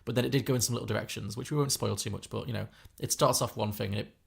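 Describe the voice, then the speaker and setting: A man's voice: on the low side, steady tone, very fast, gravelly, slightly rough. A British man co-hosting a podcast, chatting about films in an opinionated way with frequent restarts. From Britain. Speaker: podcast co-host. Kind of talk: casual film review chat.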